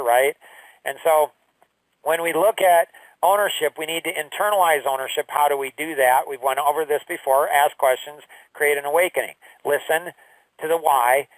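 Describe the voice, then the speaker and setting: A man's voice: fairly high pitch, a bit bright, no room sound, recorded from a distance, low-quality recording. A man teaching a recorded lesson, telling personal stories in a rambling, anecdotal way full of "you know" and "like". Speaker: course instructor.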